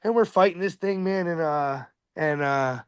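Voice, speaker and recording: A man's voice: a little high, moderate pace, smooth, no room sound. A man telling a fishing story in a casual, rambling, slangy way.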